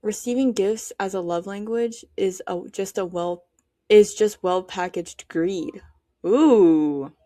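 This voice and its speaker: A woman's voice: mid-range voice, a little mellow, no room sound, clean studio sound. A teenage girl hosting a solo podcast, chatting casually and giving her opinions while she thinks aloud with lots of fillers. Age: teens. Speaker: podcast host.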